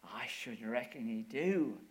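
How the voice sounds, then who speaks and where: A man voicing an old Cornish miner in plain country dialect, speaking slowly and simply. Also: mid-range voice, animated, voice pushed down. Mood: homely. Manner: country dialect speech, slow and homely.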